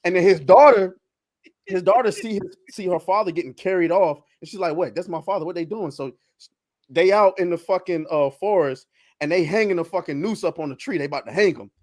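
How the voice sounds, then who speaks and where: A man spins a story in loose podcast chat, his voice sitting a bit high. He acts out the characters with lots of animation and laughter. The sound is dry and close. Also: expressive, brisk, darkish tone, no echo. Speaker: podcast co-host.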